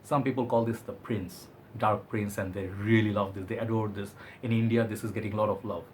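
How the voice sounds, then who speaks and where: A man's voice: lowish voice, steady tone, fairly quick, darkish tone, slight background noise. A man giving a chatty, enthusiastic product review, often hedging with "I think". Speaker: fragrance reviewer.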